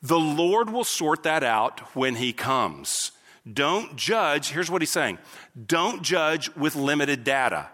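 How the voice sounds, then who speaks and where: Male pastor, bright and animated, preaching in a reverberant hall. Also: fairly high pitch, takes it slowly. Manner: animated preaching with acted-out asides. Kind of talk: sermon.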